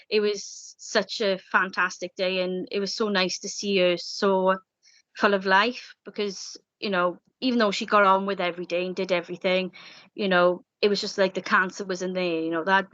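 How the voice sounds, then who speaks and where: A woman in her thirties from Wales, speaking softly in an interview about a loss, with many fillers and an emotional tone. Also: medium pitch, level tone, normal speed, dry recording. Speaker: bereaved interviewee. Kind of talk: personal interview, recalling a loss. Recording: dull lo-fi sound, dry.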